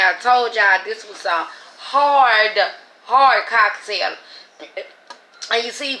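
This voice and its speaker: A woman's voice: a little high, sharp tone, roomy sound, poor audio. A woman hosting a podcast, giving emotional, profane, emphatic commentary. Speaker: podcast host. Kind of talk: casual commentary.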